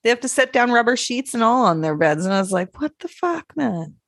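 A woman co-hosting a podcast, chatting casually with a fairly high voice. She laughs often and swears freely. Her sound is close and dry, with no room echo. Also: animated, quick pace, a bit bright. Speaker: podcast co-host. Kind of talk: casual chat. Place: remote call.

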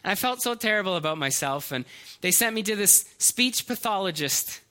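A middle-aged man preaching a sermon in a high, very bright voice. He tells stories earnestly and sometimes stops and restarts a sentence. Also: expressive, moderate pace. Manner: earnest storytelling preacher, slight hesitations and restarts. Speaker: pastor.

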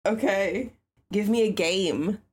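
A woman's voice: medium pitch, breathy edge. Giggly woman in casual podcast chat. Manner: giggly, halting, lots of fillers. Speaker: podcast co-host.

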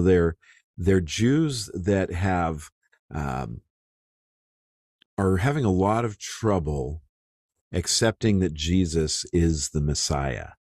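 A man giving an informal, conversational Bible teaching as a pastor, with many fillers and bursts of excitement. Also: low voice, no echo, studio quality.

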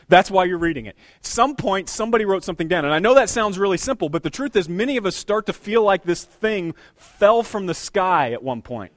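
Animated, lively-voiced male pastor preaching. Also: high voice, moderate pace, no echo, studio quality. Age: 30s. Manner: self-deprecating asides. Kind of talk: sermon.

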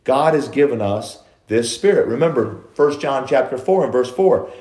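A male pastor preaching a sermon, moving between loud emphasis and hushed asides, quoting scripture. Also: medium pitch, animated, normal speed, few pauses, roomy sound. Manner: preaching storyteller, quotes old scripture language.

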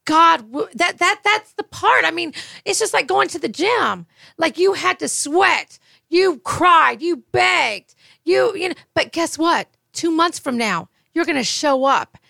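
High, gravelly, emphatic woman. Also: animated, a little slow, bright, forceful tone, dry recording, clean studio sound. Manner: storytelling, emphatic, laughing often. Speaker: podcast co-host. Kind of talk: faith podcast chat.

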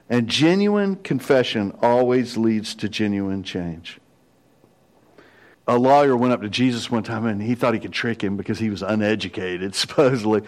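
A middle-aged pastor preaching a confessional sermon, telling a personal story with quoted voices. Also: male voice, mid-range voice.

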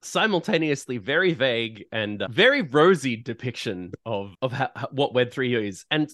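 A man from Australia speaks with an Australian accent in a playful, wry way. His voice sits at a middle pitch, and it sounds dry and close. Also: animated, normal speed, a bit bright, dry recording. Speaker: panel guest. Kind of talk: casual panel chat.

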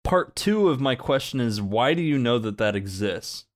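A man's voice: mid-range voice, very animated, moderate pace, dry recording. A man talks in a casual chat among friends, joking and asking incredulous questions. His voice sounds dry and close. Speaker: co-host.

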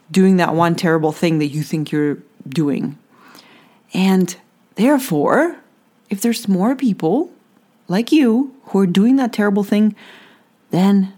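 A woman with a mid-pitched voice talks through her own struggles as a mother on her podcast. She is earnest and reflective, and she keeps turning to reassure the listener. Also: darkish tone. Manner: earnest, encouraging, speaks directly to the listener. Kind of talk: reflective solo podcast talk.

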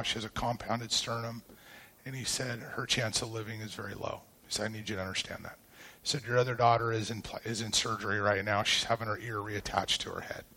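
Halting man telling a painful story. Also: mid-range voice, pushed and bright, husky. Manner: halting, emotional storytelling with many restarts. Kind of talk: personal testimony in a sermon.

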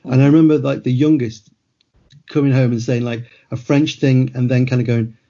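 A man's voice: mid-range voice, fairly even intonation, normal speed, dark tone. A middle-aged man, a guest author, telling rambling anecdotes in casual conversation, laughing as he goes, on muffled lo-fi audio. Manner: rambling anecdotal storyteller, laughs mid-sentence.

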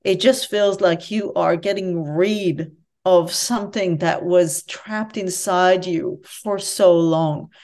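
A woman's voice: fairly low pitch, fairly even intonation, slow pace, darkish tone. A woman guest, a professor and author, talking earnestly and reflectively in an interview. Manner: earnest, reflective, speaks candidly about personal pain. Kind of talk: conversational interview storytelling.

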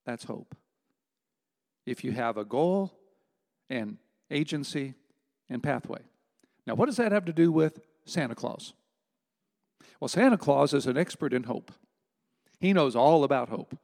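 A man's voice: mid-range voice, lively intonation, unhurried, creaky, pauses often, darkish tone. Emphatic preacher man in a reverberant hall. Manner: emphatic, conversational preaching with rhetorical asides. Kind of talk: sermon.

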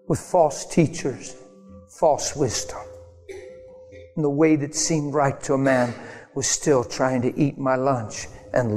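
Male preacher, sermon, animated storytelling, echoing hall, faint background music. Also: medium pitch. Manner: animated storytelling, acts out prayers and voices. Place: church hall.

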